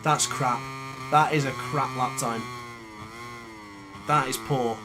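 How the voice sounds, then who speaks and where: Steady in tone and taking his time, a medium-pitched man provides live racing-game commentary as a gaming YouTuber. He mutters constantly and criticizes himself with obvious frustration. Music plays in the background alongside game engine noise and motorbike sounds.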